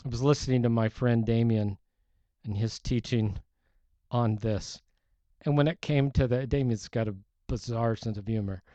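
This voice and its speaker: A man's voice: mid-range voice, steady tone, moderate pace, warm tone, no echo. A man preaching a sermon in a conversational, storytelling way, walking through a Bible passage. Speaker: pastor. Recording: dull lo-fi sound.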